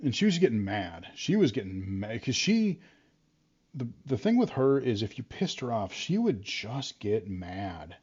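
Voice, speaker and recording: A man's voice: lowish voice, big pitch swings, unhurried, darkish tone, slightly rough. A man telling stories from school in a casual, rambling way, full of fillers and restarts. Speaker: vlogger. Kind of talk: casual storytelling. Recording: dull lo-fi sound.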